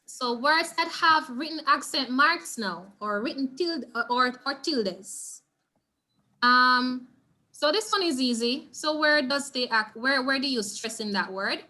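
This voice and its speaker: A woman's voice: sits high, lively intonation, measured pace, bright, forceful tone. A woman with a Jamaican accent leading an online Spanish class, encouraging her students and mixing English with Spanish. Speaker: teacher leading the workshop.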